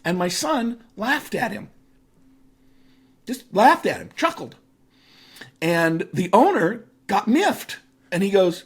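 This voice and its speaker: A middle-aged man as an interview guest, telling a personal story in a lively, storytelling way. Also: high-pitched, slow, long pauses, husky. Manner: animated storyteller who acts out voices in his anecdotes.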